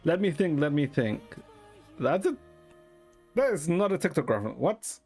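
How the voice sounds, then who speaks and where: A man streaming and chatting with viewers in a deadpan, rambling way, swearing now and then. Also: a little high, moderate pace, breathy edge, soft background music. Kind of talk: casual chat with viewers.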